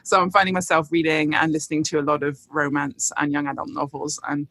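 A woman's voice: low-pitched, level tone, fast talker, a bit bright, dry recording. A woman bookseller as a podcast guest, chatting enthusiastically and laughing often. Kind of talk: casual interview chat.

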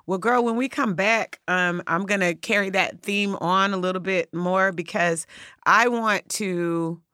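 A woman's voice: mid-range voice, measured pace, pushed and bright, smooth, dry recording, studio quality. A woman hosting a podcast, chatting casually and affirming her guest. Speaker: podcast host. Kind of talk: casual chat.

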